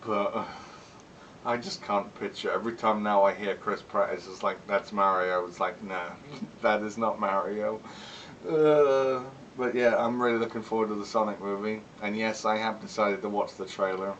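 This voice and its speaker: A man with a fairly low voice talks casually to his viewers, rambling, candid and quick to swear, with chuckles between remarks. He sits a little back from the mic, and a faint rumble runs under the recording. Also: fairly even intonation, distant mic, muffled recording. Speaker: vlogger. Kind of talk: casual vlog chat.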